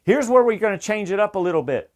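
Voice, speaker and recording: A man's voice: high-pitched, expressive, fast talker. A middle-aged man giving an emphatic, coach-like safety training talk, repeating key points. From Southern United States. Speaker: safety instructor.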